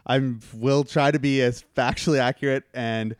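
A man co-hosting a podcast in casual chat, animated and jokey, swearing freely. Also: medium pitch, normal speed, a crowd in the background. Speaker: podcast co-host.

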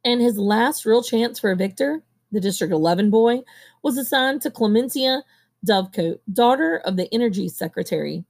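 A woman reading a novel aloud at a steady pace, now and then pausing to correct herself. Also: a little high, vocal fry. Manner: steady reading with occasional coughs and self-corrections. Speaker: audiobook reader. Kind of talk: amateur audiobook reading.

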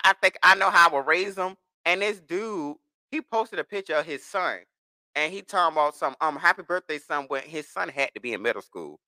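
A podcast co-host ranting in an expressive casual chat. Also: mid-range voice, no echo.

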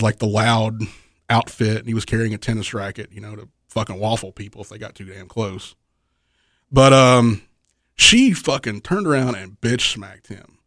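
A wrestling promoter appearing as a podcast guest tells a rowdy story in a medium-pitched voice, recorded with clean studio sound and no echo. He swears freely, laughs often, and acts out the lines of the people involved.

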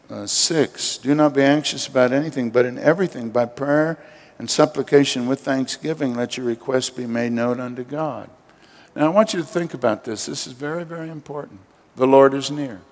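An older man preaching a sermon as pastor, emphatic and calling on his congregation to respond. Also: medium pitch. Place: church sanctuary. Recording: long hall reverb.

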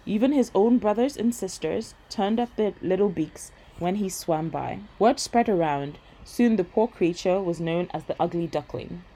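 Low, husky woman reading a bedtime story. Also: expressive, moderate pace, hardly any pauses, mellow, low-quality recording.

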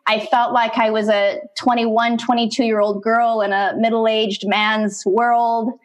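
A middle-aged woman, an interview guest, telling her life story in conversation, animated and acting out bits of past dialogue. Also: on the high side, a little slow.

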